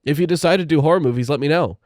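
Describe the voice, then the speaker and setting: A man's voice: fairly high pitch, rapid-fire, a little mellow, dry recording, studio quality, voice pushed up, lightly acted. A man reading an audiobook voices an awkward, eager teenage boy who talks in a rush.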